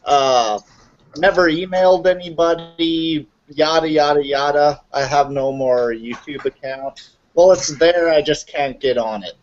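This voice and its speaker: Slow laid-back man on a video call. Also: fairly high pitch. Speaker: beer reviewer. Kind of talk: casual group video chat. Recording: muffled lo-fi video call audio.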